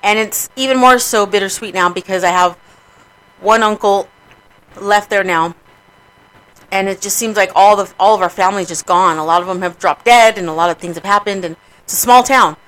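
Bright-voiced woman radio host, candid. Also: medium pitch, brisk, low-quality recording. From New Mexico, USA. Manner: candid, profane, emotional about grief. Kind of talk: casual radio talk.

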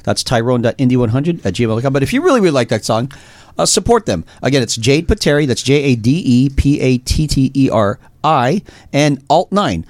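A man with a middle-pitched voice hosts a casual podcast. He talks haltingly, stumbling over his words and filling gaps with uh. The recording is dry and close. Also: big pitch swings, dry recording. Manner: hesitant, lots of uh and restarts. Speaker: podcast host.

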